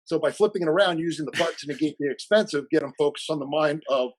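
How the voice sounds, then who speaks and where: A man's voice: fairly high pitch, fast, slight background noise, poor audio. A man being interviewed as a coach, chatting casually and animatedly, acting out bits of dialogue and laughing often. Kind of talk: casual conversational storytelling.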